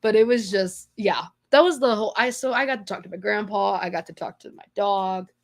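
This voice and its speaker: A woman's voice: medium pitch, fairly quick. A young woman co-hosting a casual podcast, telling a long story in a rambling way with lots of fillers and restarts. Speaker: podcast co-host. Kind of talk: casual chat.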